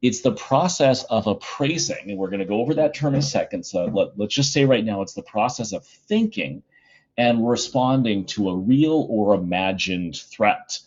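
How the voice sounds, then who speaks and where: A middle-aged male high school teacher giving a casual, chatty recorded lesson from home, with plenty of fillers. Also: sing-song, moderate pace, darkish tone, husky, muffled recording.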